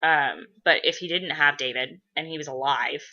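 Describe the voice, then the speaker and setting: A woman's voice: sits low, moderate pace, bright, forceful tone. A woman chatting casually as a role-play blogger, rambling and swearing a lot. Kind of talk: casual chat. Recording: dull lo-fi recording.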